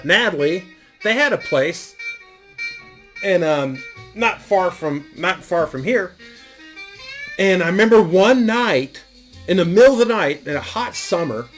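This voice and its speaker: A man's voice: high-pitched, a bit bright. Rambling, profane middle-aged storyteller man. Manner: rambling, profane, laid-back delivery with frequent fillers. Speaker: YouTube storyteller. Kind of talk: casual storytime monologue.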